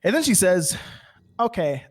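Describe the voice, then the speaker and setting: Very animated and a little slow, this man's voice sits high as he tells an in-character story on a game server. The roleplay is casual and rambling, riddled with fillers and stammered restarts.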